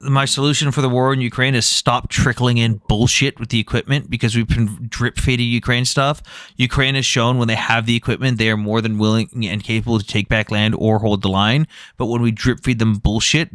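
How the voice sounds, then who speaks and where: Blunt guy running a debate stream, swears a lot, dry close sound, pitch right in the middle. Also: steady tone, a little fast, fairly bright tone, clear, resonant tone, no echo. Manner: blunt, argumentative, swears freely. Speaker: debate livestream host.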